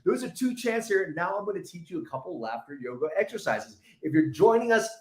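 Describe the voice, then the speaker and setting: A man guest leading a laughter yoga exercise, bursting into loud chanting laughs and shouted cheers. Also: sits high, sing-song, fairly quick. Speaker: guest health coach. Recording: roomy echo.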